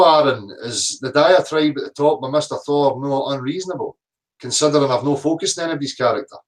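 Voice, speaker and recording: A man's voice: mid-range voice, distant mic. A middle-aged man, reading out online comments and answering them with sarcasm, swearing and combative rants. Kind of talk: reading comments aloud and ranting.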